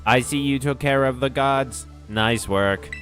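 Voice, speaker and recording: A man's voice: mid-range voice, unhurried, a bit bright, soft background music, natural voice. A man reading the lines of a secretive mission strategist, giving orders in a matter-of-fact briefing tone.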